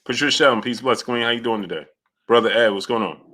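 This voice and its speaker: The boxing show host talks fast in a medium-pitched, pushed and bright voice during his live stream. Chatting casually, he welcomes viewers by name and rambles loosely, full of fillers and restarts.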